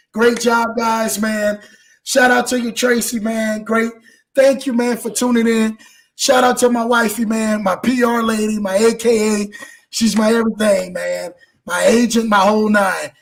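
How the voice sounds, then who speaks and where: A man hosting a live show, talking in an animated, preacher-like way and blessing his audience. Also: sits high, vocal fry, low-quality recording. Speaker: show host. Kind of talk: exuberant live show wrap-up.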